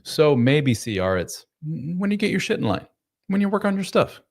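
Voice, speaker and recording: A man's voice: on the high side, big pitch swings, moderate pace, vocal fry. A man hosting a live advice chat who talks frankly and bluntly and swears casually. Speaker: host.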